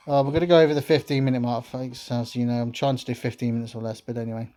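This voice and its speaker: A man's voice: mid-range voice, flat delivery, racing, few pauses, mellow. A man casually narrating his gameplay to viewers in a chatty, rambling way. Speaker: gameplay commentator. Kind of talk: casual let's-play commentary.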